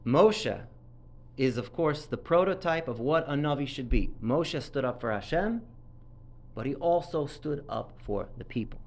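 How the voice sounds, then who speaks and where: A man's voice: mid-range voice, animated, a little slow, darkish tone. A man giving a sermon-style Torah talk at a synagogue event, telling the story emphatically and acting out the quotes with rising intensity.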